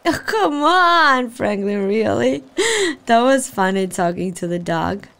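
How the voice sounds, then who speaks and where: A woman giving casual let's-play commentary, excitable and cheering on or scolding her character. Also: medium pitch, a little slow, gravelly, clear, resonant tone. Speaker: gaming channel host.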